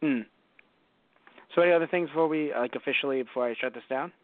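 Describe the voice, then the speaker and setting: A man's voice: a little high, quick pace, no room sound. A man hosting a casual movie review podcast, rambling with many fillers and restarts. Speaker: podcast host. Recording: dry, phone-like lo-fi audio.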